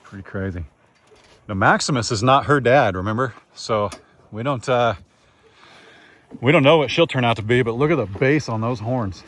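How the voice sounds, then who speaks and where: A man's voice: mid-range voice, normal speed, long pauses, fairly bright tone. Folksy farm-vlogging man. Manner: folksy, talks to the animals in a singsong voice. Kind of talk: casual farm vlog narration. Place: outdoors on a farm.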